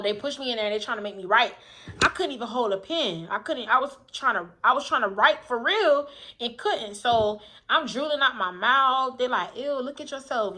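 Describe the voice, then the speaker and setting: A woman's voice: mid-range voice, pushed and bright. A woman candidly telling a personal story to camera in a casual, emphatic way, often repeating herself for weight. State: coughing. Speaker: vlogger telling her own story.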